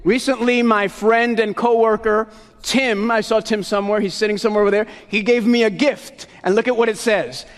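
Loud, very high-voiced preacher man. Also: steady tone, fairly quick. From Puerto Rico. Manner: loud, emphatic call-and-response preaching. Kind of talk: sermon. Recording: long hall reverb.

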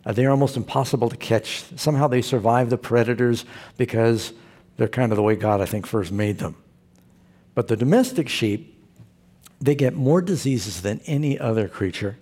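A man's voice: mid-range voice, dark tone, slightly rough. A man preaching a sermon, telling stories with humor and putting rhetorical questions to his congregation. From Southern California. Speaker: pastor.

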